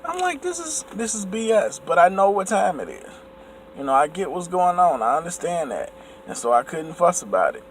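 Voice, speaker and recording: Animated man telling a story. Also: sits high, moderate pace, a little hiss or hum. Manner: animated retelling, acts out his own raised outbursts. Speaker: vlogger. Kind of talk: casual storytelling to camera.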